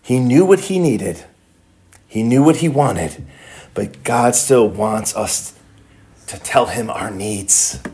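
A man preaching a sermon, reading scripture and building from quiet, low passages to high, shouted cries. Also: expressive, slow pace.

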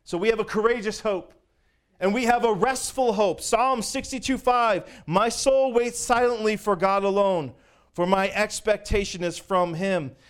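A male pastor preaching a sermon, lively and swinging between loud declarations and hushed, soft asides, with frequent chuckles. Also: high voice, unhurried, clean tone.

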